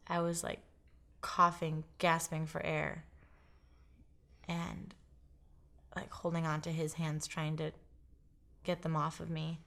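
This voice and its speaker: A young woman giving a documentary interview, speaking haltingly and quietly, often sinking toward a whisper. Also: sits low, flat delivery.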